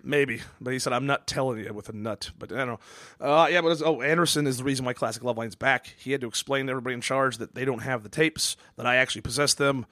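A man hosts a casual podcast and talks at a rapid clip. He rambles and swears, stumbling over restarts, in a dry, close recording. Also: medium pitch, bright, forceful tone, no room sound. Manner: rambling, profane, stammering restarts. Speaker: podcast host.

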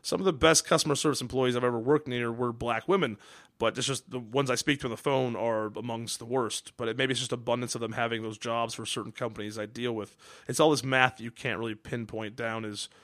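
A man's voice: medium pitch, steady tone, fairly bright tone, no echo. A man co-hosting a podcast in casual banter, ranting and swearing freely. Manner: fast, profane, ranting. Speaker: podcast co-host.

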